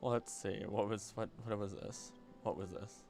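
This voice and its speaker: A man's voice: lowish voice, steady tone, a little slow, creaky, a little mellow, soft background music. A man streaming as he draws, chatting casually, muttering to himself and swearing now and then. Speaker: streamer and voice actor. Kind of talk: casual livestream chat while drawing.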